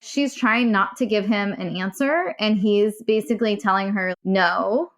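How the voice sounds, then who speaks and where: A woman's voice: medium pitch, normal speed. A woman telling her own story as a guest: earnest, emotional, and swearing now and then. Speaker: guest recounting a personal story. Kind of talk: candid storytelling.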